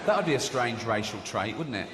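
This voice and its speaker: A man's voice: mid-range voice, expressive, a little fast. A man doing a stand-up comedy routine, telling stories in a conversational way and acting out the voices of the people in them. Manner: conversational storytelling, acts out quoted voices. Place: large comedy venue stage. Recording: live venue with long reverb and audience noise. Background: audience ambience.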